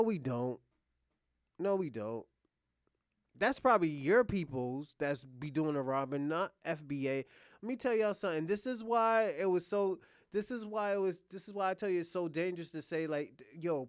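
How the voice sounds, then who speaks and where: An American man hosts a livestream, offering blunt, profane, casual commentary and talking back to his chat in loud bursts. His voice is fairly high and smooth, with clean studio sound and no echo.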